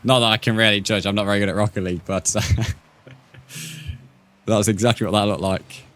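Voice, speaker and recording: A man's voice: lowish voice, steady tone, brisk, a bit bright. A young man streaming a game live, chatting casually with viewers and swearing freely. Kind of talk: live gaming commentary, reading chat.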